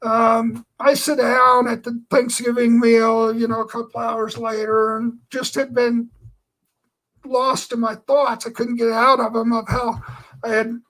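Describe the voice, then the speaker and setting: A man's voice: very high voice, level tone, a little slow, fairly bright tone, rough recording. A man giving an earnest personal testimony, telling his story in a meandering way with lots of filler phrases. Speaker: Christian speaker.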